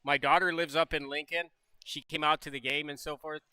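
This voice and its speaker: Older male coach, folksy and halting postgame talk, bright, clear voice. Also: on the high side, level tone, dry recording. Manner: folksy, halting, restarts often. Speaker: head coach. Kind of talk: postgame interview.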